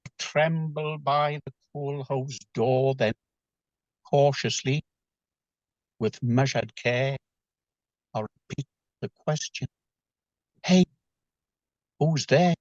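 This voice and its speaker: A man with a Northeast English accent reciting a dialect poem at an open mic in a quiet, measured way, on a dull online call. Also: medium pitch, no echo. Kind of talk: poetry reading in dialect.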